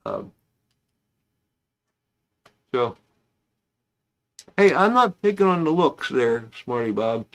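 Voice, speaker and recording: Gravelly man hosting a casual livestream. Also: mid-range voice, very animated, takes it slowly, pauses often. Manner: rambling, chatty, greets viewers by name. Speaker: host of a pipe smoking livestream.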